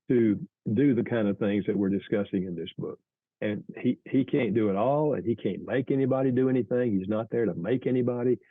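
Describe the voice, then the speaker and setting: A man's voice: medium pitch, no echo. Earnest man on a tinny phone line. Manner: earnest, measured teaching tone with frequent restarts. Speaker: author and guest. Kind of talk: advice in an interview.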